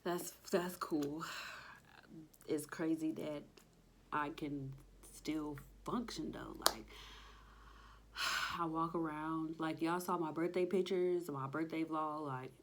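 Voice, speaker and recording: A woman's voice: low-pitched, slow, long pauses, a little hiss or hum. A pregnant young woman chatting casually to her viewers at home, out of breath and sighing between phrases. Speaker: vlogger. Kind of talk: casual chat. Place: home kitchen.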